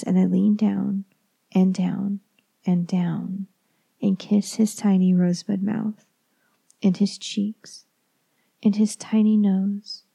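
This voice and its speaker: A woman reading a first-person horror story in a calm, measured way, often slipping into whispers. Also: medium pitch, gravelly, slightly rough.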